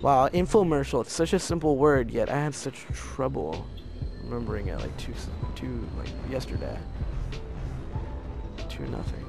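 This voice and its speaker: Gravelly, excitable man playing a game. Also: mid-range voice, normal speed, over music. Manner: excitable, with frustrated outbursts and slang. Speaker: let's play gamer. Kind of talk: casual gameplay commentary.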